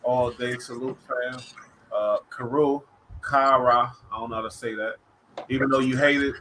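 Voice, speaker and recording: A man hosting a loose live-stream, his voice sitting at an ordinary pitch. He talks in a relaxed, slangy way, shouting out viewers between topics, with faint noise underneath. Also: normal speed. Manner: laid-back slang-heavy talk, shout-outs to chat. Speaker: livestream host. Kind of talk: casual live-stream chat.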